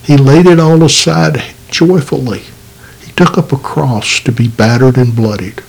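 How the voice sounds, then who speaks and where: Male podcast preacher, gravelly tone, earnest urgent sermon delivery. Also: mid-range voice, measured pace, rough recording.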